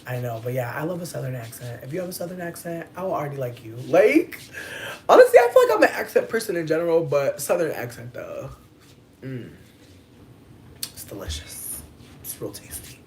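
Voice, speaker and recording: Profane, animated vlogger storytelling. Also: noisy background. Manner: profane slangy storytelling, leaps into high exclamations. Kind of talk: casual stream-of-consciousness chat.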